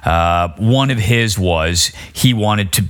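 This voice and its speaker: A man's voice: fairly low pitch, takes it slowly, fairly bright tone. A man hosting a podcast, chatting casually about music and laughing easily as he tells anecdotes. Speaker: podcast host.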